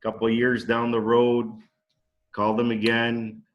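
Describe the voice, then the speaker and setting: A company co-founder tells a casual story over a video call from his dining room, enthusiastically acting out the quoted lines. His medium-pitched voice is monotone and a little slow. The video call microphone cuts off the highs.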